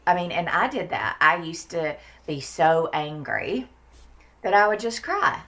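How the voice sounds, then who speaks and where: A woman's voice: on the low side, expressive, measured pace, pushed and bright. A woman from Mississippi with a Southern American accent, a guest talking candidly and bluntly, swearing for emphasis. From Mississippi, US Deep South. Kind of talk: candid conversation about inner child therapy.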